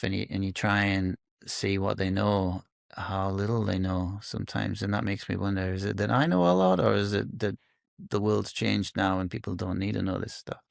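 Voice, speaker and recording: A man's voice: lowish voice, gravelly, no room sound, clean studio sound. A middle-aged man from the UK, a podcast guest talking thoughtfully and hesitantly, with many fillers and restarts. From United Kingdom. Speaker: podcast guest, company founder. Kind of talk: casual interview conversation.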